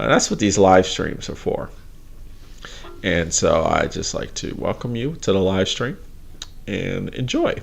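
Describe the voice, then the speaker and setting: Hosting a casual live stream, a man with a deep, creaky voice rambles in a laid-back way and chuckles often. He sounds tired and a little drained.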